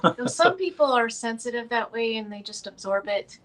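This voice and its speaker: A woman's voice: fairly high pitch, expressive, normal speed. A woman in a band, chatting casually in an interview and cracking dry jokes. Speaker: band member.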